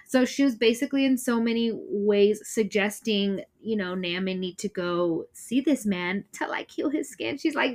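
A woman's voice: mid-range voice, normal speed. Chatty woman retelling a Bible story. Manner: chatty and expressive, acting out characters' lines with laughs. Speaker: Bible study presenter.

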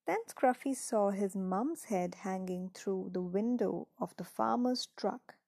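A woman reading a children's story aloud in a gentle, unhurried way, dropping into soft whispered asides. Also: mid-range voice, vocal fry, no echo.

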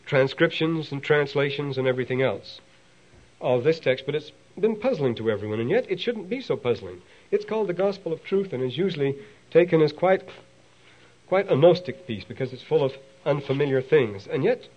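A man's voice: mid-range voice, highs cut off. A man giving a classroom lecture, talking in a discursive way with many asides and restarts. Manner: reads quoted passages aloud with lively emphasis.

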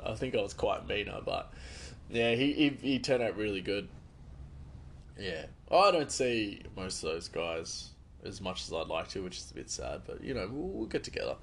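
A man's voice: medium pitch, big pitch swings, moderate pace. A man who works as a chef hosts a podcast, telling rambling anecdotes in casual chat and laughing often.

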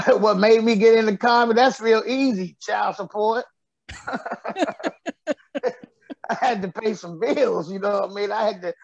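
A man's voice: high-pitched, unhurried, gravelly, pauses often, no room sound, highs cut off. A middle-aged man, a comedian guest telling stories with frequent laughs. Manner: laughs often, loose storytelling delivery. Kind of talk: joking radio interview chat.

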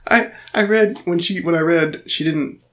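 A man's voice: a little high, moderate pace, a bit bright. A man co-hosting a casual book-discussion podcast, trading dry jokes and often restarting his sentences. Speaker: podcast co-host.

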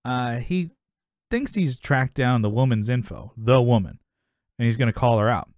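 Male podcast co-host, chatty and rambling, quick to laugh, mid-pitched, dry studio sound. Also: lively intonation, darkish tone, dry recording. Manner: rambling, laughs often, acts out quotes. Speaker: podcast co-host recapping a sitcom episode. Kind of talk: casual chat.

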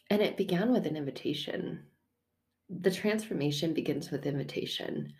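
A woman's voice: deep voice, moderate pace, darkish tone. A woman hosting a casual faith podcast, talking candidly and animatedly, swearing freely and laughing often. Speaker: podcast host.

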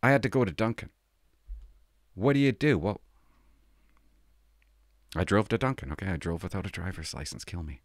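A middle-aged man, a former police officer, telling a story from his work in a casual, animated way. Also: deep voice, moderate pace, pauses often, dry recording, studio quality. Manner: animated, acts out the people he quotes.

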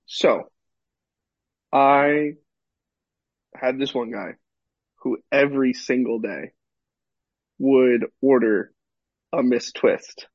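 A man co-hosting a podcast, an animated storyteller in casual chat who swears freely. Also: mid-range voice, drawn-out words, pauses often, husky, no room sound, lo-fi sound. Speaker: podcast co-host.

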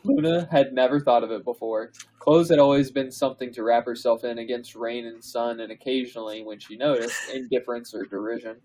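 A man reads fan fiction aloud for a podcast, slow and deliberate. He keeps to a mid pitch and half-performs the prose. He stops now and then to laugh or comment. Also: steady tone, mellow, low-quality recording. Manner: reads slowly, breaks into laughs and asides. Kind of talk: comedic dramatic reading.

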